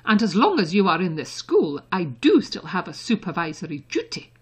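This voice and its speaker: A woman voicing a strict older headmistress in a spoken storybook reading. She sounds dry, formal and pointed, clipping her words. Her voice is low and husky. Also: huge pitch swings, normal speed, full character voice. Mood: stern. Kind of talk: audiobook character reading.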